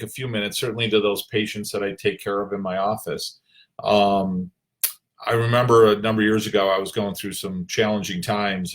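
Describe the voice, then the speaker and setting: A man's voice: on the low side, a bit bright. A man, a chiropractor, talking reflectively to camera from his home office, with many fillers and restarts. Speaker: chiropractor and coach. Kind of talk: casual talk to camera.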